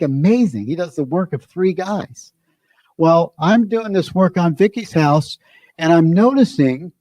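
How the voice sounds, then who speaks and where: A man's voice: fairly high pitch, mellow, no room sound. A man giving an informal spiritual teaching talk, conversational and searching, often circling back on his phrases.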